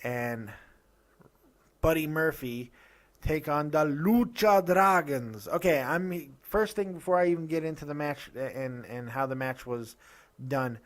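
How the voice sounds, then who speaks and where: A man hosting a casual wrestling review show, ranting with quick asides and restarts. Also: mid-range voice. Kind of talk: casual opinionated review talk.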